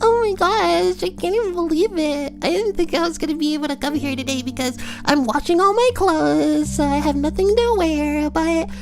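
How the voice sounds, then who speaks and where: A man's voice: extremely high pitch, vocal fry, voice pushed up, full character voice. A man doing a giggly, ditzy webcam girl. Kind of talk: comedic put-on voice.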